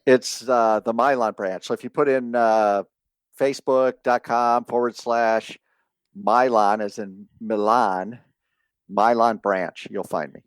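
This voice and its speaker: A man's voice: mid-range voice, fairly even intonation, slow pace, clean tone, no echo. A man co-hosting a casual podcast, joking and laughing a lot, heard on a close mic. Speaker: podcast co-host. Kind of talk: casual conversation.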